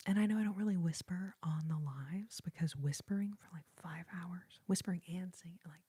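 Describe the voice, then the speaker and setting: A young woman hosting a live stream, talking gently in a half-whisper and laughing easily as she thanks viewers. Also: fairly low pitch, slightly rough, dry recording, clean studio sound. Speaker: ASMR and singing live-stream host. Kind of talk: soft-spoken live-stream chat reading viewer comments. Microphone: sensitive studio microphone.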